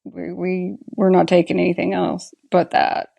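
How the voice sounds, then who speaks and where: A woman's voice: fairly low pitch, monotone, moderate pace, creaky, dark tone, slightly rough, no room sound. A woman with a Southern US accent co-hosting a podcast, agreeable and dry in casual episode talk. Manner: agreeable, short affirmations, dry remarks. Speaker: podcast co-host. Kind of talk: casual chat recapping a TV episode.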